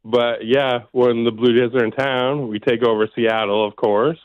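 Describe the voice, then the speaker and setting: A man's voice: mid-range voice, fairly even intonation, moderate pace. A man from Canada calling into a stream, easygoing and agreeable, sounding casual on the phone. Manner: easygoing, agreeable, laughs easily. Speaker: caller. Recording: tinny phone line.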